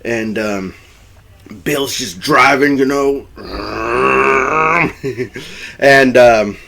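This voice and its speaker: A man casually recapping a film's plot as a reviewer, rambling and correcting himself, and now and then jumping into loud, high-pitched acted quotes. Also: slow pace. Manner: rambling, self-correcting storyteller. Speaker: movie reviewer.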